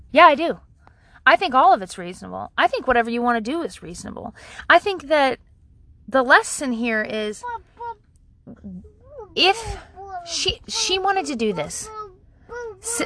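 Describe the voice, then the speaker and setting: A woman's voice: high voice, a bit bright. A woman in her thirties hosting a podcast, talking candidly and swearing casually with self-deprecating humor. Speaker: podcast host. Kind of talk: casual solo podcast monologue.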